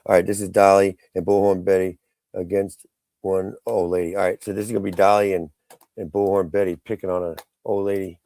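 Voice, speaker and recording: A man's voice: low voice, little pitch movement, a little fast, dark tone, no room sound. A man hosting a casual live stream, rambling through his thoughts and mocking people in the chat. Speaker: livestream host.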